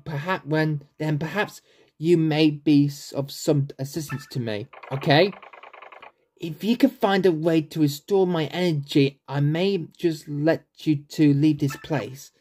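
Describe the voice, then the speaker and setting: A man voicing an ancient, weary male tree elder, drawing his words out slowly like an old man. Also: fairly high pitch, a little mellow. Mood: wary. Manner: slow, drawn-out old-man delivery. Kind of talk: reading game dialogue aloud in a voice.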